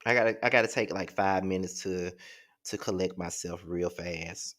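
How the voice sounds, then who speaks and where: A man in his thirties who hosts his own YouTube show speaks in a low, fairly bright voice at normal speed. Emotional and close to tears, he keeps repeating himself as he thanks his viewers.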